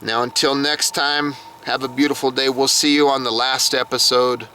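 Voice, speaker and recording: A man's voice: mid-range voice, little pitch movement, normal speed, pushed and bright, a little hiss or hum. A man recapping a TV episode from his notes in a chatty, reactive way. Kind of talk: casual recap monologue.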